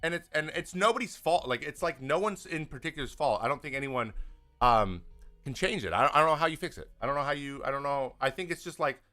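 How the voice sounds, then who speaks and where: A man's voice: a little high, fast, faint music behind. A man, hosting a casual live chat and answering viewer questions in a rambling way with many restarts. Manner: rambling, restarts often, animated when venting.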